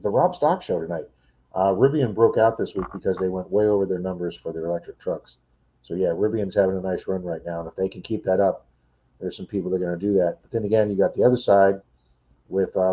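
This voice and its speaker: A man's voice: deep voice, dull audio. A middle-aged man hosting a casual livestream from home, rambling and answering viewers' chat messages. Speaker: livestream host.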